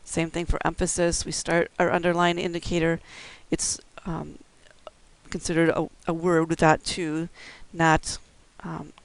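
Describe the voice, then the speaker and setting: A man's voice: a little high, monotone, unhurried, vocal fry, clean tone, no room sound, poor audio. Methodical man teaching braille codes. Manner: methodical, explaining step by step with fillers. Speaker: braille instructor. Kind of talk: recorded instructional lecture.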